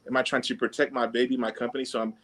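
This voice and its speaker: A man's voice: mid-range voice, level tone, racing, fairly bright tone, rough recording. A man hosting a podcast, explaining ideas in casual talk full of fillers and little sample dialogues. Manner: conversational, peppered with fillers. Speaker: podcast host.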